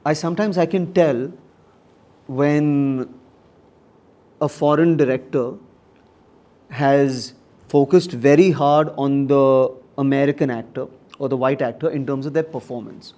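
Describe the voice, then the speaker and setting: A man from India with an Indian English accent, a comedian guest in a casual interview, talking in an animated, emphatic way and switching into Hindi at times. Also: mid-range voice, measured pace, long pauses. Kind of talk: casual conversation.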